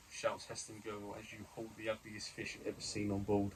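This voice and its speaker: Gravelly man reading a gamebook. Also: on the low side, little pitch movement, moderate pace, a little hiss or hum, poor audio. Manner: reads narration, then comments on dice rolls and choices with fillers. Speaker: gamebook player and reader. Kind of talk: reading a gamebook aloud while playing.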